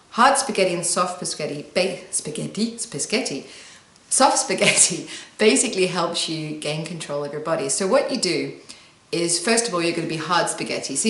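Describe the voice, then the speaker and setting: Calm woman coaching in an echoey room. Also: on the low side. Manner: calm, soothing instructions with guided breathing. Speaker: wellbeing coach. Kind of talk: guided self-help talk to camera.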